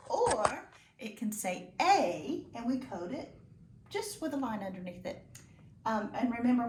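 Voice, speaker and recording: A woman teacher giving a phonics lesson to young children, slow and deliberate, praising and encouraging her pupils. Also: on the high side, fairly bright tone, roomy sound, slight background noise.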